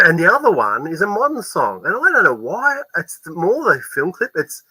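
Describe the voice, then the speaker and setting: Australian-raised male co-host, laid-back, bright tone, dead-dry mic. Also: high-pitched, moderate pace, slightly rough, dry recording, poor audio. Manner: relaxed, chatty, swears casually. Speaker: music show co-host. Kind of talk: casual music chat.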